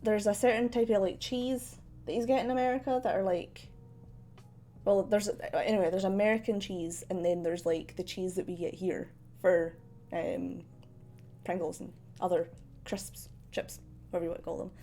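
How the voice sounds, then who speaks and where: At a normal pace and medium pitch with little pitch movement, a young woman from central Scotland chats while drawing on stream, soft music playing in the background. Her accent is softened and a touch posh, and she rambles with ums, likes, and frequent laughs.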